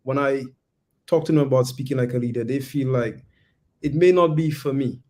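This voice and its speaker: Calm man asking a question. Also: medium pitch, normal speed. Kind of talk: casual chat.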